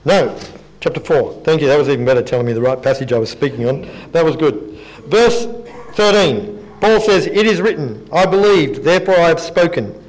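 A man's voice: fairly high pitch, animated, normal speed, low-quality recording. A man preaching a sermon in a conversational, self-deprecating way, stopping to read scripture aloud to the congregation.

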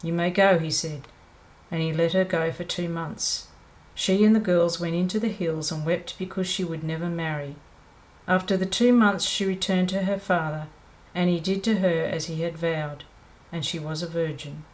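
Brief: church Bible reader, mid-pitched, even and measured delivery. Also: low-quality recording. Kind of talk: scripture reading.

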